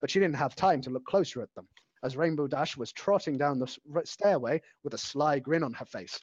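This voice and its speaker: A man's voice: fairly high pitch, fairly quick, a little mellow, husky, no echo, highs cut off. A man reading a story aloud in a casual, unpolished way, stumbling over words and restarting them as he goes. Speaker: amateur reader.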